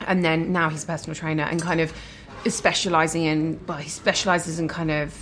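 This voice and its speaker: A woman's voice: low voice, little pitch movement, fairly quick, a bit bright. A woman who is a musician, chatting frankly and laughing easily as a guest over a meal. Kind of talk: casual chat over a meal. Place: dinner table. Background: clinking cutlery and dishes.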